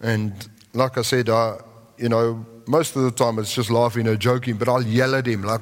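Guy preaching to a big church, mid-pitched voice, long hall reverb, gets fired up then goes soft and hushed. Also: steady tone, normal speed. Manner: impassioned preaching, drops to soft prayerful tones. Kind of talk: sermon. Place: large church hall with congregation.

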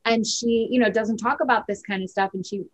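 A woman's voice: on the high side, fairly even intonation, fairly quick, low-quality recording. A woman co-hosting a casual talk, relaying stories in a loose, filler-heavy conversational way. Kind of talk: casual podcast chat.

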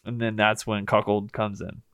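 A man's voice: lowish voice, flat delivery, moderate pace, fairly bright tone, clear, resonant tone, dry recording, clean studio sound. A man co-hosting a podcast, recapping a movie in casual chat, swearing often and laughing easily. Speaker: podcast co-host.

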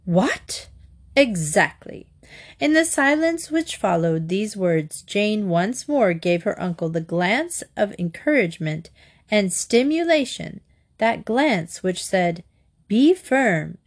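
Wry, expressive woman narrating a comic novel. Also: mid-range voice, unhurried.

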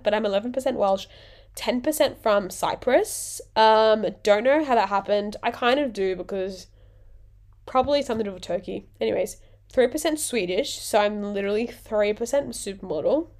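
An Australian woman with a mid-range, slightly mellow voice hosts a casual solo podcast, rambling, joking, and mocking herself while sounding sick and tired.

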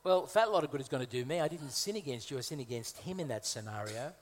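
A man's voice: medium pitch, lively intonation, fast. A man from Malta preaches as a guest speaker, his sermon conversational and broken up with humorous asides. He leans on emphatic repetition to drive points home, in a mid-range voice. The sound carries a long reverb from a large church hall.

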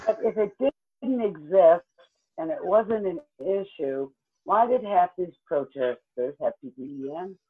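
A man's voice: high-pitched, lively intonation, measured pace, slightly rough, phone-quality sound. A man in a casual podcast chat, sarcastic and mocking.

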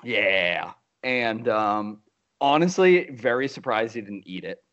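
A man's voice: fairly low pitch, animated, slow pace, fairly bright tone. A man co-hosting a casual podcast, summarizing an episode loosely and hesitantly, with lots of fillers. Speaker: podcast co-host. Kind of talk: casual chat. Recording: slightly dull lo-fi sound.

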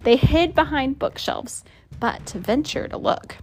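A woman reading a children's picture book aloud, with expressive storytelling. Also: high voice, takes it slowly.

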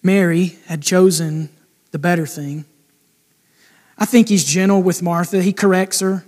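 Brief: man preaching, high-pitched, conversational, keeps questioning the listeners. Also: fairly even intonation, measured pace, a little mellow. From United States. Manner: conversational, asks the congregation questions. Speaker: pastor. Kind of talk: sermon.

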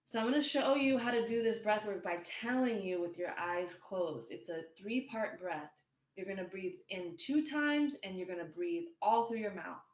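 A woman calmly guiding listeners through a breathing meditation, played as a clip within a podcast. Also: mid-range voice, moderate pace, roomy sound. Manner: calm, instructive. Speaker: meditation guide. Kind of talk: guided breathing instruction.

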